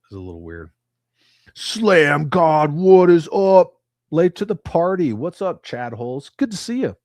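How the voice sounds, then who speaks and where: A man's voice: a little high, sing-song, measured pace, darkish tone, no echo, studio quality. A man hosting a casual livestream, reading chat comments aloud with crude, profane banter.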